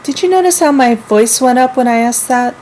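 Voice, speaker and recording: A woman teaching a lesson to young children, speaking clearly and acting out example sentences with lively expression. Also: high voice, a little fast, a little hiss or hum, poor audio. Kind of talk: model classroom minilesson.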